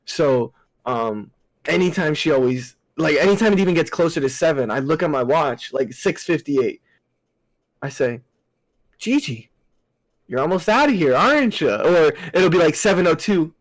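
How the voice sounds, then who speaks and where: A young man co-hosting a casual podcast, telling lively work stories and laughing as he acts out his coworkers. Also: a little high, normal speed, dry recording, poor audio. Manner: animated storytelling, laughing and acting out coworkers. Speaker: podcast co-host. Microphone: podcast mic over internet call.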